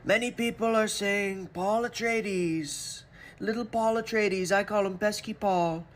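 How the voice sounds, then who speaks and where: A man's voice: high voice, fairly even intonation, measured pace, fairly bright tone. A man voicing a giant desert sandworm that rambles and boasts like a politician, in an AI parody clip. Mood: boastful. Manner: rambling boastful speech-style impression.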